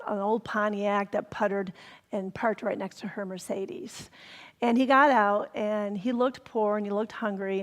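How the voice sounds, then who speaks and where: A woman reverend giving a sermon, telling stories gently and sometimes dropping to a whisper for emphasis. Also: medium pitch, big-room sound. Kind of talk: sermon storytelling. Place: spiritual center hall.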